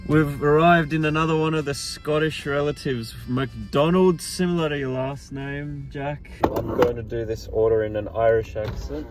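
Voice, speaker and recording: A man's voice: mid-range voice, fairly even intonation, normal speed, few pauses, soft background music. A young man with an Australian accent hosting a casual sports vlog, upbeat and jokey. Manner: upbeat, jokey, self-deprecating. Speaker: sports vlogger host. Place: car and outdoors around a stadium.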